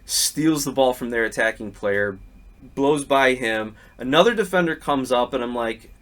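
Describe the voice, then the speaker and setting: A middle-aged man with an ordinary mid-range voice hosts a podcast, slightly hoarse from a weekend of yelling. He tells his stories in a loose, chatty way and slips into the voices of the people in them. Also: mid-range voice, moderate pace. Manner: lively storyteller who acts out the quotes. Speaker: podcast host. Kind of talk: casual podcast storytelling and match recap.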